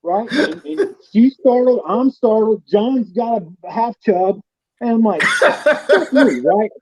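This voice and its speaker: A man's voice: very high voice, a little slow, dark tone. A man telling a comic story as a guest, swearing freely and playful. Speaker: guest knight. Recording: dull lo-fi dry sound.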